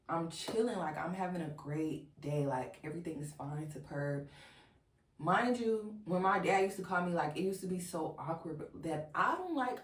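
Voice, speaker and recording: Young adult woman, low register, casual storyteller addressing her viewers; roomy sound, mic set back. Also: distant mic, a little hiss or hum. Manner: chatty storytelling, heavy "like", addresses viewers as y'all. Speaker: vlogger.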